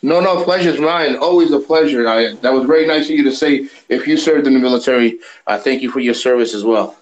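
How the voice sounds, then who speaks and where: A man's voice: mid-range voice, brisk, muffled recording. A man calling into a live stream, polite and friendly in casual chat. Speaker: caller.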